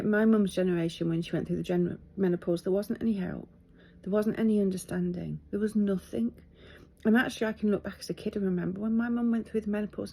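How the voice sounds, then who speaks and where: A tired middle-aged woman from England, talking to camera in a candid, halting, reflective video diary. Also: mid-range voice, warm tone, husky. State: tired and teary. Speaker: vlogger.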